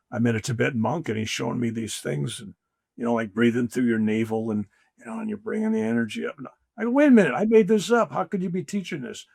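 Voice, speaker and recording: A man's voice: mid-range voice, creaky, slightly rough, dry recording, clean studio sound. An older man, a spiritual teacher, telling stories as a guest in a conversation, acting out the voices he quotes. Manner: animated storyteller, acts out quoted voices. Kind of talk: conversational storytelling.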